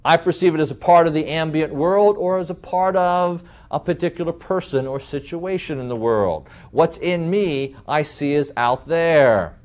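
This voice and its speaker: Guy lecturing a class, kinda high voice, slows way down on the big words. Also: a little mellow. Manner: deliberate, slows down to stress key terms; uses vivid everyday examples.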